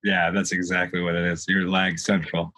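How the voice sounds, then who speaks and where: A man's voice: deep voice, flat delivery, moderate pace, pushed and bright, rough recording. A man hosting a podcast over a video call, laughing, joking and swearing freely. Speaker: podcast host.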